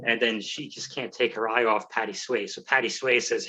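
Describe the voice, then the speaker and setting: A man tells a movie plot as a comedy bit. He rambles and swears, stumbles through restarts and mocks himself. His voice is bright and forceful, and the audio sounds dull and lo-fi. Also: lowish voice, big pitch swings, a little fast, few pauses. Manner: rambling, profane, self-mocking storytelling with stumbling restarts. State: out of breath. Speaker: comedy podcast host. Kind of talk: comic movie recap.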